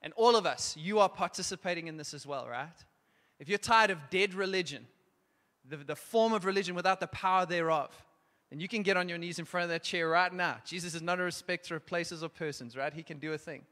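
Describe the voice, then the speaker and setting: A man preaching a sermon and leading an altar call, urgent and exhorting, at times dropping to a hushed, prayerful tone. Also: high voice, fairly quick. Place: church hall. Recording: long church hall reverb.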